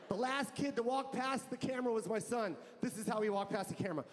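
A middle-aged man doing stand-up comedy on an arena stage, telling an animated story, acting out family members and sound effects, swearing often and shouting punchlines. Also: extremely high pitch, fast talker. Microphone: handheld stage mic. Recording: live arena show with crowd noise.

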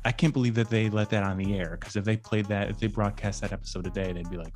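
A man's voice: fairly low pitch, fairly even intonation, fast, hardly any pauses, darkish tone, soft background music. A man co-hosting a casual podcast chat, rambling with many fillers and restarts. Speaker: podcast co-host.

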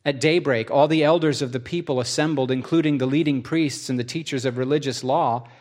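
A man preaching, reading scripture aloud as an expressive storyteller with casual asides. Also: mid-range voice, fairly quick. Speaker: pastor.

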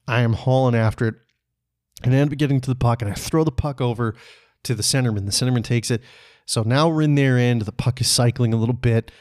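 A podcast host from Canada tells a personal story in a laid-back, chatty way. He keeps his voice at a middle pitch, laughs now and then, and drops the odd curse word. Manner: relaxed and conversational, chuckles often, swears casually. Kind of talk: casual personal storytelling monologue.

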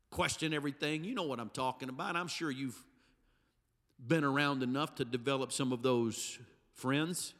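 A male pastor preaching a Pentecostal sermon in a church, swinging from soft, intimate passages to shouted climaxes. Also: a little high. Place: church sanctuary. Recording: long church hall reverb.

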